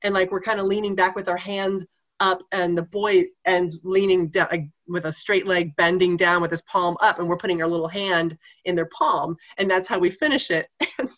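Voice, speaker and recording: A woman's voice: fairly low pitch, moderate pace. Woman laughing through a funny story. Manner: animated, laughing often while telling the story. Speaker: guest telling a story. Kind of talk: casual anecdote in conversation.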